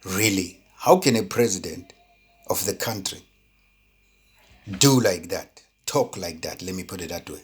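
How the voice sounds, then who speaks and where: Deep voiced guy ranting his opinion, kinda husky, keeps asking does that make sense. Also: measured pace, long pauses. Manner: indignant, full of rhetorical questions; repeats words when heated. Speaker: political commentator. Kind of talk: impassioned opinion monologue.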